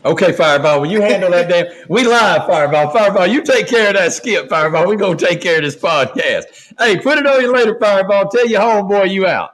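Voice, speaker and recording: A man's voice: high voice, expressive, fast, few pauses, a bit bright. A man hosting a podcast in casual chat, emphatic and profane, repeating names as he talks. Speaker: podcast host.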